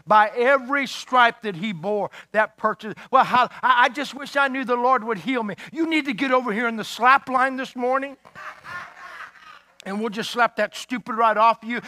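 A man's voice: sits high, bright, forceful tone, dry recording. A male pastor preaching a sermon in an emphatic, fiery way, full of rhetorical questions.

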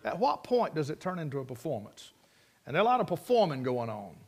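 High-voiced folksy preacher man. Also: big pitch swings, fast. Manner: folksy, rambling, plainspoken. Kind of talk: sermon with storytelling.

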